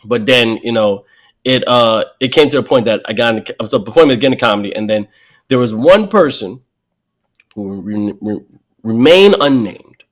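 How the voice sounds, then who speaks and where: A man's voice: medium pitch, normal speed. A man, a comedian telling stories as a podcast guest, acting out the people he quotes. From New York. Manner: lively, acts out quoted people. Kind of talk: animated podcast storytelling.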